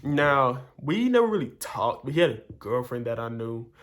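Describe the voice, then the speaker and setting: A man's voice: medium pitch, very animated, moderate pace, a bit bright. A young man vlogging, telling a long personal story in a chatty way, full of fillers and acted-out quotes. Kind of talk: casual storytelling.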